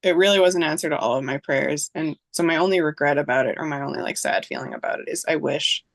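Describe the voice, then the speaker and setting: A woman's voice: low-pitched, animated, quick pace, creaky, dry recording. A woman in her thirties, a podcast guest, recounting a personal story in casual chat, acting out dialogue with lots of fillers.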